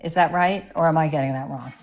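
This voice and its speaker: A woman's voice: low-pitched, fast talker, darkish tone. A middle-aged woman in a casual online discussion, talking hesitantly and often checking whether she has it right. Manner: hesitant, often asks for confirmation. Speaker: debate participant.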